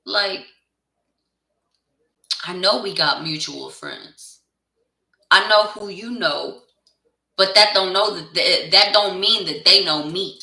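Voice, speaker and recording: Blunt, gravelly tarot reader ranting. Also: medium pitch, slow, long pauses, sharp tone, distant mic. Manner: blunt and profane; heated, insistent. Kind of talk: casual direct-to-camera rant. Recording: echoey room, voice away from the mic.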